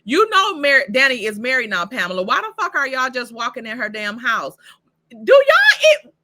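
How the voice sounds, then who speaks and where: A woman with a bright, lively voice that jumps around in pitch, recapping a TV episode in a casual, profane way. She talks straight back at the characters as if they could hear her. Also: brisk. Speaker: host of a TV recap channel. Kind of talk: casual reaction review.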